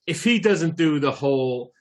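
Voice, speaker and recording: A man's voice: on the high side, animated, normal speed, darkish tone. A man in his forties co-hosting a podcast, chatting casually with restarts and the odd swear. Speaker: podcast co-host. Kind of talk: casual chat.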